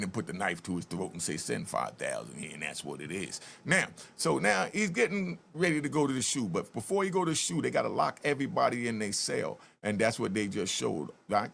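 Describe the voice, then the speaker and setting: A man who served time, talking straight to viewers in an animated, casual way as he comments on a video and tells prison stories. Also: mid-range voice, creaky.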